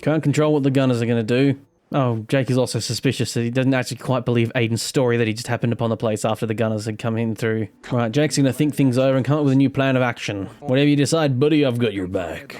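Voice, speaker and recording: A man's voice: mid-range voice, flat delivery, fast, darkish tone. Playful man commentating gameplay. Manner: playful, theatrical asides. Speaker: gaming YouTuber.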